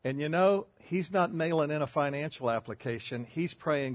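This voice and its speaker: Older pastor guy, husky, kinda high voice, joking around while he preaches, dry close sound. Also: expressive, moderate pace, dry recording. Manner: folksy storytelling with self-deprecating humor. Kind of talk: sermon.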